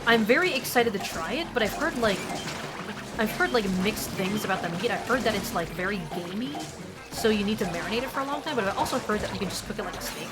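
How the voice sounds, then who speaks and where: A woman's voice: medium pitch, expressive, fast. Young woman, casual streamer chat, rambling, swears freely, game music underneath. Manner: rambling and profane, heavy use of "like". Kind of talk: casual chat while gaming.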